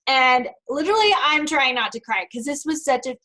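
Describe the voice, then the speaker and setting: Woman speaker at an online conference, a little high-pitched, chatty storytelling that shifts into read-out remarks. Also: a little fast, sharp tone, low-quality recording. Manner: conversational storytelling with laughs; partly reading prepared remarks. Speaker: NLP practitioner and speaker. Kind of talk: virtual conference presentation.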